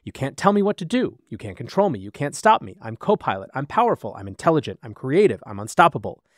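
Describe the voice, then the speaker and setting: A man's voice: medium pitch, sing-song, fast, no room sound, studio quality. A man voicing an unhinged AI chatbot that swings from groveling to menacing, in a melodramatic, repetitive delivery. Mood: cold menace.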